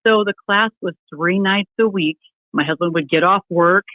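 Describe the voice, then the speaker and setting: A woman's voice: lowish voice, normal speed, no echo. Woman telling her story over a tinny line. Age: middle-aged. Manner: lively storyteller who acts out quoted people. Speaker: guest. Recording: tinny phone-like remote call, dry.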